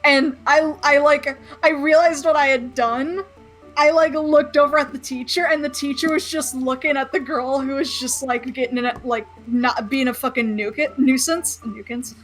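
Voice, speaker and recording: A woman's voice: high voice, fairly even intonation, moderate pace, fairly bright tone, soft background music. A young woman telling a story in casual chat, rambling, swearing freely and laughing often.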